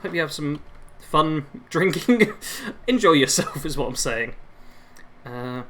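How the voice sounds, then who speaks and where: A man's voice: on the high side, lively intonation, slow, pushed and bright, slight background noise. A young man live streaming a game on a headset mic, chatting constantly and reading chat aloud.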